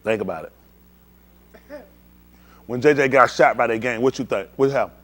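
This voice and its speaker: A man's voice: medium pitch, moderate pace, a bit bright. A man hosting a playful trivia game with a room of people, teasing and calling on them by name. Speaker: host leading a group trivia game. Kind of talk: lively group banter.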